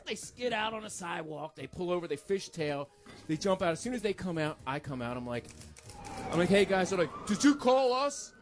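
A man's voice: fairly high pitch, a little fast, noisy background. A man co-hosting a radio show, telling a story casually and acting out the voices of the people in it. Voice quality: animated, acts out voices in his stories.

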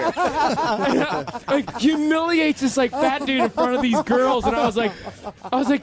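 A man telling a crude, animated story among friends, swearing and laughing often. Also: very high voice, measured pace, crowd noise.

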